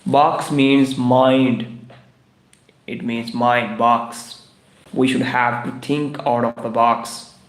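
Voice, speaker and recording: A man's voice: mid-range voice, flat delivery, takes it slowly, a bit bright, echoey room. A man teaching English idioms on a live stream, repeating each phrase several times in broken English. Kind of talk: livestreamed English idiom lesson. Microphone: live stream microphone.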